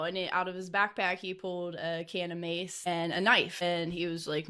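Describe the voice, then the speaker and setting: A woman with a slightly low voice shares a personal story as a podcast guest. Her telling is casual and loose, full of fillers, with a nervous laugh now and then. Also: brisk, hardly any pauses, fairly bright tone.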